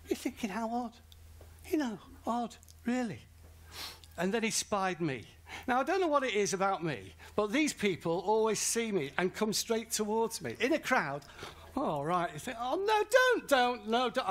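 A man from northern England with a Northern English accent, preaching a sermon at a festival and telling a comic story. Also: high-pitched. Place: large festival tent or hall.

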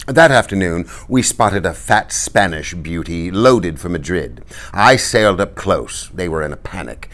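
Man, reader, low-pitched, animated delivery, novel read aloud. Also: a little slow. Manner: expressive, lively storytelling.

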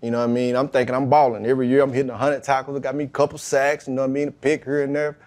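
Racing along in a mid-range voice, this podcast guest, a pro football player, shares a personal story full of slang. He's animated, performs the quoted dialogue, and keeps dropping "you know what I mean."

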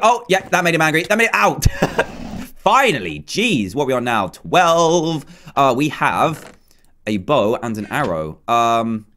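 A man's voice: on the high side, a bit bright, a little hiss or hum. A young man doing playful, casual commentary over a video game, pleading and jokingly taunting. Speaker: gaming YouTuber.

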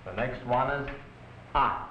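A male language professor giving a patient, deliberate pronunciation lecture to a class. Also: mid-range voice, background noise. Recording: muffled roomy 1960s film soundtrack.

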